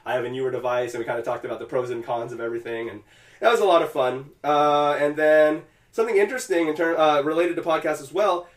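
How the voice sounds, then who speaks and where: A man co-hosts a podcast, casually retelling a scene from a game, acting out the characters' lines, and swearing freely. His voice is a little high and fast, sounding roomy from a distant mic.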